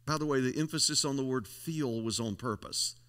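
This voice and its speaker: A man's voice: medium pitch, fairly quick, a bit bright. A male pastor preaching a folksy, emphatic sermon, leaning on repeated phrases. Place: church sanctuary. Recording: long church hall reverb.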